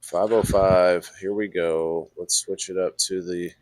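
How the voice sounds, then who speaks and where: A man with a very deep voice hosts a livestream at a slow, unhurried pace. He keeps a laid-back, dryly teasing tone. The sound is dry and close, with no room echo. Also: steady tone, a little mellow. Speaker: livestream host. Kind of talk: casual chat.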